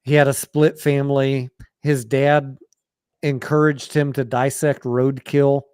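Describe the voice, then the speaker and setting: A man's voice: mid-range voice, flat delivery, a little slow, darkish tone, smooth, no echo, clean studio sound. A man hosting a casual late-night live stream about stocks, talking bluntly and swearing offhandedly. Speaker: stock talk show host.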